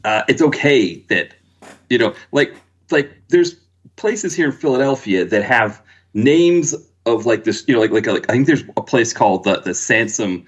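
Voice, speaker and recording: A man speaking as a podcast guest in a casual chat. He talks haltingly, stumbling and restarting before his thoughts land. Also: medium pitch, lively intonation, slightly rough. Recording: dull lo-fi audio.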